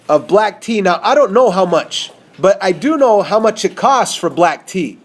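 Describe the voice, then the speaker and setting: A man's voice: sits high, animated, unhurried, few pauses. A man teaching a math lesson over a whiteboard, talking casually and checking in with his students.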